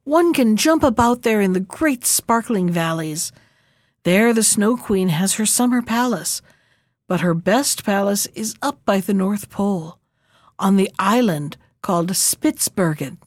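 A woman's voice: medium pitch, lively intonation, measured pace, no echo, clean studio sound. A woman voicing an eager, proud male reindeer in a storybook reading.

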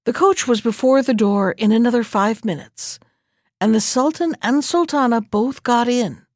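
Higher-voiced woman reading a fairy tale. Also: normal speed, a little mellow, no echo, studio quality. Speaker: storyteller host. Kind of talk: fairy tale read aloud.

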